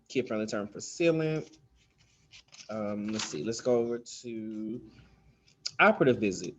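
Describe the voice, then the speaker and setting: A man giving a casual spoken lesson on dental terms, loose and chatty with many fillers, acting out how children and staff talk. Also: medium pitch. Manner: loose and conversational, many ums, acts out kid talk. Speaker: dental instructor.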